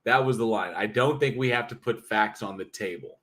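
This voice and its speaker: A man's voice: on the low side, normal speed. A man hosting a livestream, reading chat comments and ranting bluntly with plenty of swearing. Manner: blunt, profane, animated ranting. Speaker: livestream host.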